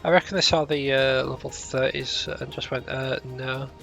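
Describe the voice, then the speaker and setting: A man's voice: medium pitch, steady tone, normal speed, vocal fry, a bit bright, faint music behind. A man casually commenting on his gameplay with rambling, self-mocking jokes. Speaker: game streamer.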